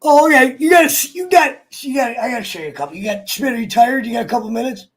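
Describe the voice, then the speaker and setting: A man chatting excitedly on a livestream, swearing and jumping between topics. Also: very high voice, fast talker, breathy edge. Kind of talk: casual livestream chat.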